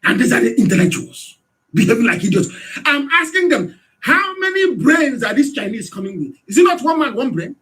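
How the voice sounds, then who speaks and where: A man with a Nigerian accent giving an impassioned political radio address, hectoring his listeners with rhetorical questions and sometimes shouting. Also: extremely high pitch, very animated, brisk. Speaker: radio broadcaster.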